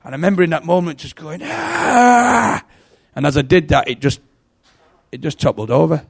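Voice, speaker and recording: Male preacher, gravelly voice, slightly high, storytelling sermon. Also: fast. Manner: emotional, storytelling, swings from hushed to loud. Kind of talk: sermon testimony.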